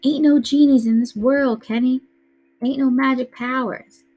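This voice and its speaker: A woman's voice: high-pitched, steady tone, unhurried, a little mellow, pitched above the performer's own voice, low-quality recording. A woman reading aloud voices a tough, bossy teenage older brother who scolds in a streetwise way. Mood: lecturing.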